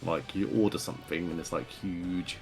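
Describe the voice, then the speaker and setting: A man's voice: deep voice, fairly even intonation, normal speed, darkish tone, soft background music. A man from Europe chatting casually on a stream, joking around with friends. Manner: joking, slips into mock accents. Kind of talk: casual chat.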